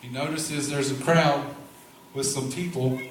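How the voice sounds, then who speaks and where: With fairly even intonation and a measured pace, a man whose voice sits mid-range narrates a church play's Bible story, folksy and drawling, with asides a preacher might make. A far camera in the large sanctuary picks him up amid heavy hall echo and a little hiss or hum.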